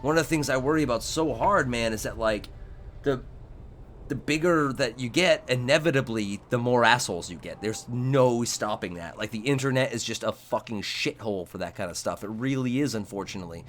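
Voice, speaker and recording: A man's voice: mid-range voice, a little fast, fairly bright tone, a little hiss or hum. A young man hosting a game live stream, talking casually with his chat in a rambling, profane way.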